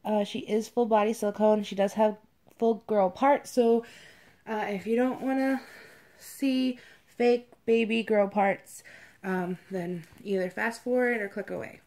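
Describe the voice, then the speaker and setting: Slow-talking young woman, gushing baby talk. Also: mid-range voice, fairly even intonation, darkish tone. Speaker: vlogger. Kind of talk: casual unboxing vlog.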